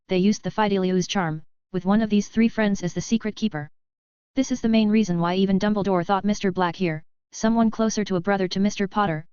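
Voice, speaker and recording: A woman narrating a first-person fan-fiction audiobook in a steady storytelling read. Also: mid-range voice, clean tone, dry recording, muffled recording.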